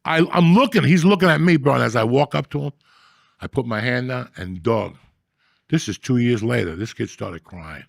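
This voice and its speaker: Gruff low-voiced guy rambling through a filthy street story, swears a lot, dry close mic. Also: lively intonation, moderate pace, no room sound. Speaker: comedian guest. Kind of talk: profane storytelling on a podcast.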